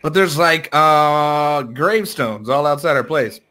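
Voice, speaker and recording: A young man casually commenting on a video game he plays with a friend, goofy and quick to laugh. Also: a little high, bright, forceful tone. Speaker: gaming YouTuber.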